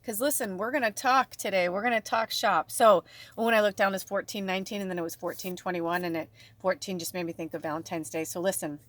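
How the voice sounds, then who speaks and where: A woman's voice: medium pitch, fairly even intonation, brisk, fairly bright tone, no room sound. Woman, tarot reader, gushing, emotional, dry close sound. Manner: gushing, emotional, talks straight to viewers. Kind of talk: emotional spiritual card reading.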